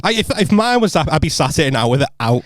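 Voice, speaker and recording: A man's voice: fairly high pitch, sing-song, fast, no echo, clean studio sound. A young adult man, a comedian co-hosting a podcast, joking rowdily and laughing often. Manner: laughs often, rowdy, jokey. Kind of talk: casual comedic chat.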